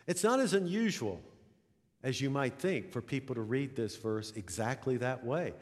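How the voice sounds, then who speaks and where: A man's voice: mid-range voice, animated, moderate pace. A middle-aged man, a pastor, preaching a sermon, telling a story and building to emphatic peaks. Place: church sanctuary. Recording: long hall reverb.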